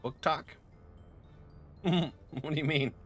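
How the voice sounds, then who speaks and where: A man's voice: fairly high pitch, slow pace, a bit bright, faint music behind. A young man streaming a game, chatting casually with viewers and laughing often. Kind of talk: casual live-stream chat.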